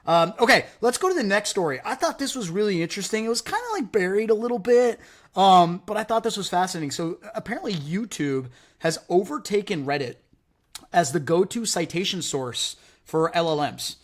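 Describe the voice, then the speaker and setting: Fairly quick and high-voiced, this man hosts a podcast in a casual, energetic, animated style. "Like" and "right?" crop up constantly in his speech.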